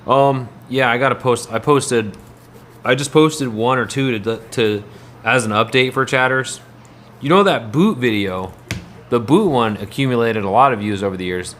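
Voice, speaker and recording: A man's voice: mid-range voice, moderate pace, fairly bright tone, a little hiss or hum. A man livestreaming, chatting casually in a rambling way and answering his viewers' messages.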